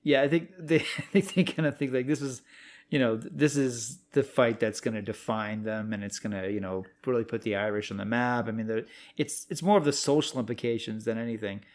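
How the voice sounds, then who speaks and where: A man's voice: medium pitch, a little fast. Jokey man chatting about movies. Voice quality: jokey, animated, breaks into silly voices. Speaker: podcast co-host. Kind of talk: casual film chat.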